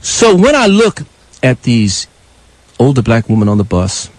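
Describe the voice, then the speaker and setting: Husky older man telling stories on radio. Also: medium pitch, unhurried, no room sound, rough recording. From New York. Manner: passionate, animated storyteller with wide swings. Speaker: radio talk show co-host. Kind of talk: live call-in radio storytelling.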